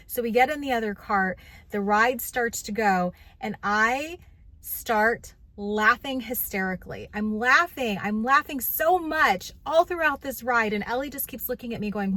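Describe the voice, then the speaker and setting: A middle-aged woman tells a personal story with lively, expressive energy. She speaks in a relaxed vlog style, with her voice rising and falling as she goes. She is recorded inside a car. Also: a little high, unhurried, no room sound. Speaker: vlog host. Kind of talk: casual storytelling to camera.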